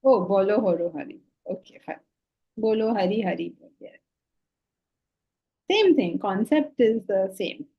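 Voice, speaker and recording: A woman from India, teaching a spiritual class on scripture in an animated, questioning way. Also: medium pitch, unhurried, creaky, long pauses, husky, lo-fi sound. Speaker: Vedanta teacher.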